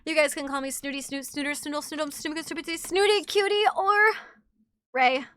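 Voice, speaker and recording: A woman streamer chatting playfully with her viewers and greeting them by name, sick and low on energy. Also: normal speed, a bit bright. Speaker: VTuber streamer. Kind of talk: casual live-stream chat.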